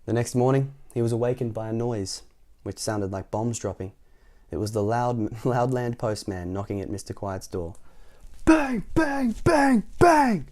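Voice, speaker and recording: A man reading a picture book aloud in a playful, animated way, often asking the listener questions. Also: lowish voice, moderate pace. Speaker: storytime reader.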